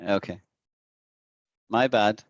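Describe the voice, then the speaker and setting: A man's voice: on the low side, very slow, lo-fi sound. A man with an Irish accent teaching an online English lesson over a video call, patiently repeating words to demonstrate them. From Ireland.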